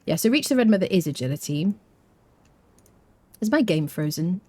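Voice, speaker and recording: A woman giving chatty, animated live commentary while she plays a video game. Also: lowish voice, normal speed, no room sound. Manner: chatty, animated, talks to chat and her cat. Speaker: game streamer. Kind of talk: live let's play commentary.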